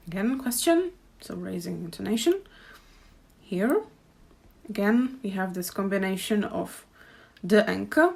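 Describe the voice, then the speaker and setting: A woman with a Czech accent teaching pronunciation, speaking slowly and repeating each example phrase with care. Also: medium pitch, expressive, creaky, a little mellow. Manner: slow, careful demonstrations with repeated example phrases. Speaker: language teacher. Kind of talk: pronunciation lesson. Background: birdsong and traffic outside.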